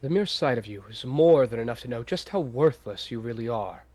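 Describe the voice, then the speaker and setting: A man's voice: medium pitch, expressive, fairly quick, a little mellow, dry recording, natural voice. A man voicing a cold, scornful shadow tom cat. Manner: contemptuous, menacing, cold. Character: cold, scornful adult male Dark Forest tom cat. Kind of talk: online role-play voice acting.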